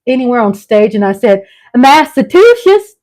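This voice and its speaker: A woman's voice: medium pitch, measured pace, darkish tone. A woman with a Southern US accent hosting a casual livestream vlog, chatty and playful, laughing often. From Texas. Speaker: vlog host.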